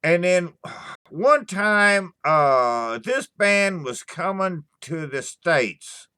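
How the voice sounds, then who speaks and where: A man hosting a livestream, chatting casually with viewers in a halting, stammering way, swearing often and sighing between thoughts. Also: high voice, expressive, pushed and bright, clean tone, dry recording, clean studio sound. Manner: slow, sighing storytelling. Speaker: livestream host answering chat. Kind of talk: casual rambling chat.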